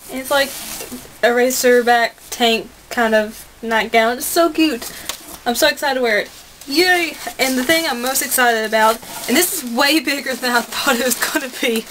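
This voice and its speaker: This vlogger, a young woman with a high voice, gushes excitedly and chattily while unboxing things at home. Behind her there's a faint hissing noise.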